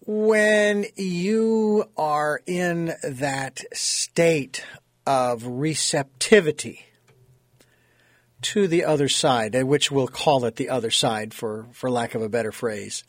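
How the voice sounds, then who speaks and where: A man hosting an interview, reflective and conversational, offering soft agreement. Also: on the high side, takes it slowly, dry recording, clean studio sound. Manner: soft listener's affirmations, reflective. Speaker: interview host.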